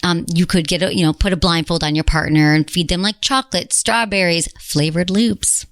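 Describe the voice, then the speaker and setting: A middle-aged woman hosts a podcast in a casual, chatty way, upbeat and frank as she hands out advice. Her voice sits a little low and sounds dry and close, with no room around it. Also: a little fast, no room sound. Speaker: podcast host. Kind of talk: casual chat.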